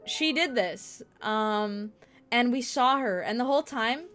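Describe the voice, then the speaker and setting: A young woman streamer telling stories in casual chat, animated and profane, acting out the people she quotes. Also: a little high, a little slow, soft background music.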